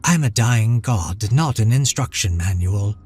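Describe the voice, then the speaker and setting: A man's voice: lowish voice, animated, measured pace, darkish tone, husky, faint music behind, exaggerated voice. A man voicing an ancient, dying goddess who speaks in solemn riddles. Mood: cryptic. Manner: solemn, cryptic.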